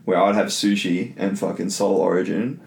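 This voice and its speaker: A man's voice: sits low, gravelly, roomy sound. A young man co-hosting a casual chat, blunt and full of swearing. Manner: blunt, swears a lot, quick reactions. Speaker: podcast co-host.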